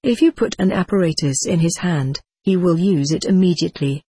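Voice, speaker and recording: A reader voicing a calm woman guide who patiently teaches a man to fly. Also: mid-range voice, a little fast, slightly rough, no room sound, natural voice. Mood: instructive.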